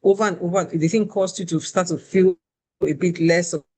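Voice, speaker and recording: A woman host tells a personal story in a relaxed conversational flow. She is candid and animated and pokes fun at herself as she talks. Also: lowish voice, normal speed. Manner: candid, animated, self-deprecating.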